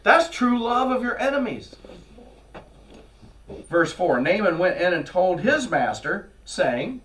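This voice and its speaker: A man preaching a sermon in a church, telling scripture stories in a lively way and acting out the characters. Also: fairly high pitch, measured pace. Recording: voice from far off the mic.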